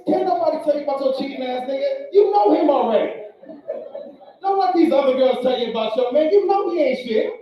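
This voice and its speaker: A male comedian doing a stand-up set, loud and brash, swinging between shouting and muttering, on a club stage. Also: extremely high pitch. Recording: echoey distant club recording, dull sound.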